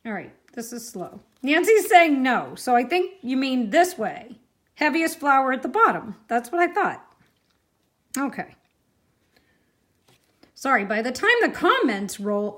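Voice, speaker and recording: A woman with a fairly high voice leads a live-streamed card-making class. She talks in a chatty, easygoing way and keeps reacting to viewer comments as she works. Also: animated, a little slow, long pauses, fairly bright tone.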